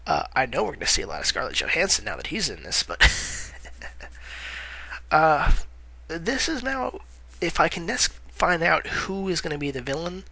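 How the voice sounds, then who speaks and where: A man's voice: on the high side, wildly swooping pitch, normal speed, creaky, sharp tone, no echo, poor audio. A man giving casual movie-news commentary in a vlog, rambling with lots of "uh" fillers, correcting himself and chuckling wryly at his own remarks.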